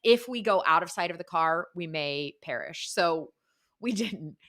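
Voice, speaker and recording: Bright-voiced woman co-host, lively. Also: fairly low pitch. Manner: lively, chiming in with quick reactions. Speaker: podcast co-host. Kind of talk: casual storytelling chat.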